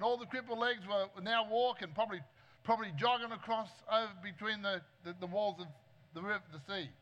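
A man preaching a sermon, telling stories in an animated, humorous way with asides to the congregation. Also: high-pitched, highs cut off.

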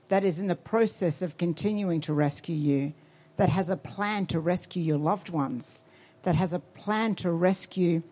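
A woman giving a sermon testimony, telling her story with animated quotes and emphasis. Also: lowish voice. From Australia.

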